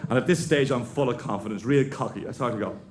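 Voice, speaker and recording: An Irish man doing a live stand-up routine, telling a story with deadpan pauses for laughs. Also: medium pitch, over loud music. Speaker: stand-up comedian. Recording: echoey live venue with loud crowd.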